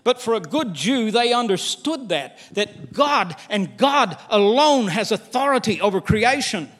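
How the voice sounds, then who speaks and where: An older man preaching a sermon as pastor, candid and animated, with humor and acted-out quotes. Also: sits high, a little slow. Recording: long hall reverb.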